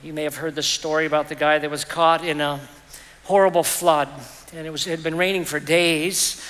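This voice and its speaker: In a reverberant church hall, a middle-aged pastor preaches a sermon, earnest and personal, using stories to make his point. His voice is on the high side and fairly bright, with a flat delivery at a slightly fast pace.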